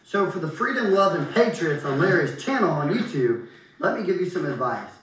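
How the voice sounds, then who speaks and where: Male podcast host, easygoing, fairly high, boomy far-off room sound. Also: sing-song, a little fast, a bit bright. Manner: casual, laughs while asking questions. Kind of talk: casual interview. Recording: very echoey room, distant mic, faint hiss.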